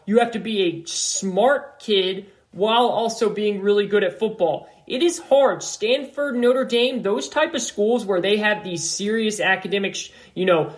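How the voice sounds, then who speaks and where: A young man hosting a solo sports podcast from an apartment, talking loudly and with energy, rambling and restarting his sentences. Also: sits high. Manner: loud, animated and rambling, with many restarts. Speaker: podcast host. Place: apartment room.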